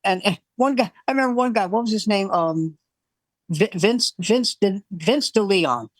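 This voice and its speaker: A man in his seventies or older, a veteran comedian telling animated club stories and acting out the voices in them. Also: sits high, normal speed, no echo. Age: 70s or older. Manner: animated storyteller who acts out quoted voices. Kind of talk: casual anecdote telling.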